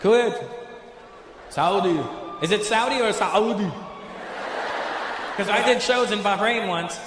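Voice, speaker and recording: A man doing stand-up, working the crowd loudly with a punchy, teasing delivery. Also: high-pitched, measured pace. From Canada. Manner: loud, teasing, punchy delivery with comic voices. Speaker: stand-up comedian. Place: large theater stage. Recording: echoey live venue with loud crowd noise.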